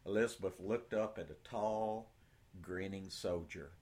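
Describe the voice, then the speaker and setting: A man reading an audiobook in slow, measured scripted narration. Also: lowish voice, slightly rough.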